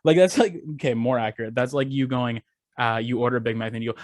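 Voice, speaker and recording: A man's voice: medium pitch, fairly even intonation, quick pace, a little mellow, no room sound, clean studio sound. A young man, a podcast co-host, telling a story in casual chat, swearing and acting out what people said.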